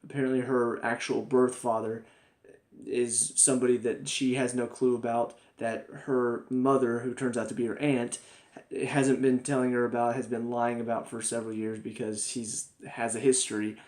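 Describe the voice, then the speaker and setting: A man's voice: medium pitch, little pitch movement, normal speed, darkish tone. A young man giving a casual, rambling spoken review of a TV episode, full of fillers and restarts. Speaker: TV review vlogger.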